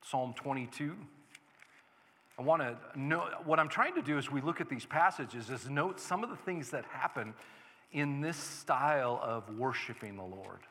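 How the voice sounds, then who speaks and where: A male pastor preaching a sermon, shifting between soft, conversational teaching and loud, exclaiming declarations. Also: medium pitch, expressive, moderate pace. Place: church sanctuary. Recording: echoey church hall.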